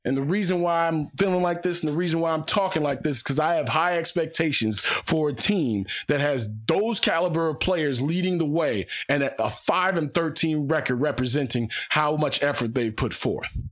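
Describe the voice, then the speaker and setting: A man's voice: a little high, moderate pace, hardly any pauses. Fired-up male sports podcast host. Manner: fired-up, emphatic, repeats phrases for punch. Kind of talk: solo podcast commentary.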